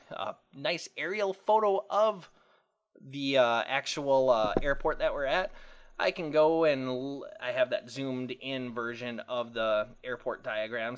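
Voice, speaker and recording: A man casually commenting while playing a flight simulator, rambling with quick self-corrections and jokey asides. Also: a little high. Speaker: let's play host.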